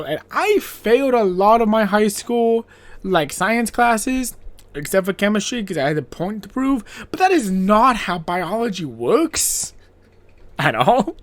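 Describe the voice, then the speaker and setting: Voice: medium pitch, sing-song, measured pace, no room sound. A podcast host in a casual horror movie review chat, rambling and self-interrupting, laughing often and swearing casually.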